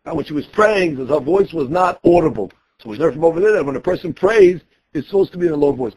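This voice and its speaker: Husky-voiced man teaching a Talmud class. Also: fairly high pitch. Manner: explains each quoted phrase, restating points conversationally.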